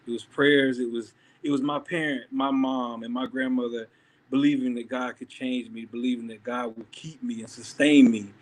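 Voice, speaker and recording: In a conversation, a man with a medium-pitched voice, a father and church member, shares an earnest faith testimony. He often pauses and starts over.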